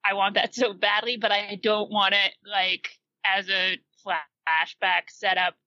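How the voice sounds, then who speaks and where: A woman's voice: mid-range voice, little pitch movement, unhurried, pushed and bright, dry recording, lo-fi sound. A woman guest on a podcast, chatting casually in a blunt, enthusiastic way. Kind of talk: casual chat.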